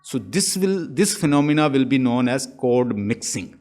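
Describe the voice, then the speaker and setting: A man's voice: mid-range voice, big pitch swings, normal speed, a little mellow. A man teaching a lesson, explaining step by step and often restarting his phrases. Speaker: English teacher. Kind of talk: online lecture.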